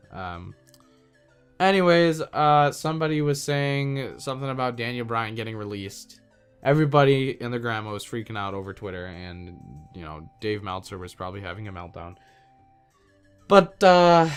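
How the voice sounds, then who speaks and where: Ranting casual male podcast host. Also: medium pitch. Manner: exasperated ranting, casual slang. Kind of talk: solo wrestling podcast rant.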